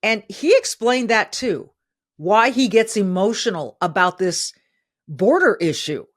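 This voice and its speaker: Woman, middle-aged, podcast host, animated intonation, emphatic repetition, medium pitch. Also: a little slow. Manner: emphatic, animated, repeats phrases for stress. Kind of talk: opinion commentary.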